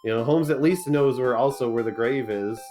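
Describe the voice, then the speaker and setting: A man's voice: mid-range voice, normal speed, mellow, faint music behind. A man doing color commentary at a video game tournament, joking and laid-back.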